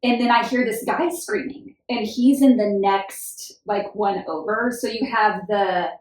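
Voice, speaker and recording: A woman's voice: mid-range voice, unhurried, a little mellow. Exclaiming woman podcast host. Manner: reactive, exclaiming, laughs often. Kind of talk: casual interview chat. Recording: echoey room, distant mic.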